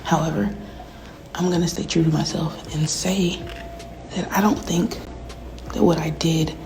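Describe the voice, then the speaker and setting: A woman in a candid, rambling, profane monologue, often dropping to a hushed whisper. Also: sits low, steady tone, unhurried. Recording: noisy background.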